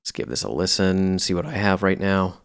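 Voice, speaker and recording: A man casually explaining how he recorded and processed sounds for a music piece, in a relaxed way with a few fillers. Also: low-pitched, a little fast, creaky, a little hiss or hum. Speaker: music producer. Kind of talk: casual tutorial narration.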